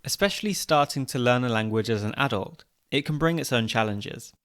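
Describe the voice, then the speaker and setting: A man hosts a podcast, delivering scripted narration clearly and evenly. His pitch sits in an ordinary middle range for a man. The humour is light and dry. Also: lively intonation, a little fast, fairly bright tone. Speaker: podcast host.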